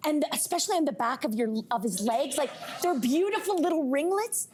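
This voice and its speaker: A woman co-hosting a talk show panel, chatting in an animated, gushing way and laughing often. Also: high-pitched, a little fast, slight background noise. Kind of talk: casual panel chat. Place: television studio.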